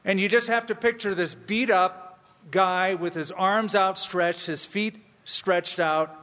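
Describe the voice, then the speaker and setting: A man's voice: high voice, fairly even intonation, takes it slowly, sharp tone. A man pastor preaching a sermon, emphatic and humorous, repeating key phrases for weight. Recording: long reverb of a large hall.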